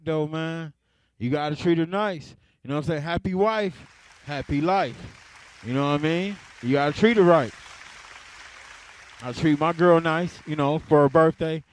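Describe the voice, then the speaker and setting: A man's voice: fairly high pitch, moderate pace. A young adult man performing stand-up comedy. He talks in a laid-back way and keeps laughing at his own jokes.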